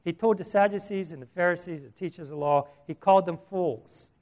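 A man's voice: high-pitched, a little fast, a little mellow. A man preaching a sermon in a conversational way, asking the audience questions and chuckling at his own asides.

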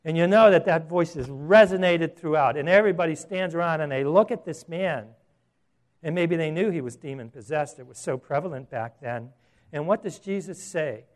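A male pastor preaching a sermon in an animated, conversational way, with rhetorical questions. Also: on the high side, moderate pace.

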